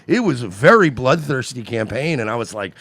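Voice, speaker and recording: A man's voice: medium pitch, very animated, a little fast, a bit bright, breathy edge, dry recording. A man telling stories on a podcast, acting out quotes in exaggerated voices. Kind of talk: casual podcast storytelling.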